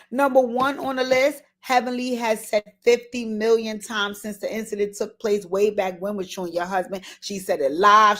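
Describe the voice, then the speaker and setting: A woman recapping reality TV in a loose, talky commentary. She is blunt and swears freely. She hammers her points with repeated words and speaks straight to the people she is discussing. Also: medium pitch. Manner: animated, repeats words for emphasis. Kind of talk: casual commentary vlog.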